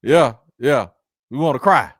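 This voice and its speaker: A man's voice: medium pitch, animated, measured pace, slight background noise. A man co-hosting a casual sports debate, laid-back and conversational, often asking 'you know what I'm saying'. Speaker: podcast co-host.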